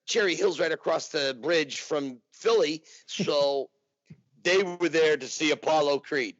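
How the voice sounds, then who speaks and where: A man being interviewed, telling an animated anecdote in casual conversation. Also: on the high side, unhurried, no echo. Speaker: interview guest, impersonator. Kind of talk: casual storytelling. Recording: dull dry recording.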